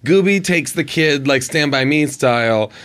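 A man's voice: a little high, normal speed, clean tone. A man co-hosting a casual movie-review podcast, retelling scenes with wry humor. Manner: wry, animated storyteller. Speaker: podcast co-host.

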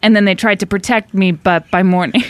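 A woman's voice: mid-range voice, fairly even intonation, brisk, close to an everyday voice. A woman voicing an adult woman survivor who tells her shark story in a mock-dramatic New York accent. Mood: mock-grave. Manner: mock-dramatic, stifling giggles. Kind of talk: reading a film monologue aloud.

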